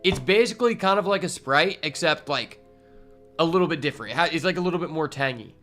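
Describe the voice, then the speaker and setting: Brief: male streamer, slightly high voice, excitable and foul-mouthed, chatting with viewers over faint music. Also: fast. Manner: profane, excitable, talks to chat. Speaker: game streamer. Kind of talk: casual live-stream commentary while playing.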